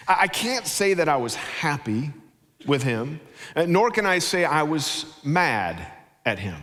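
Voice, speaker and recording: A man's voice: on the high side, measured pace. A middle-aged man, a guest pastor telling stories humorously in a sermon in a church auditorium. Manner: humorous, animated storytelling. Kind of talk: sermon with storytelling. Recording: church hall reverb.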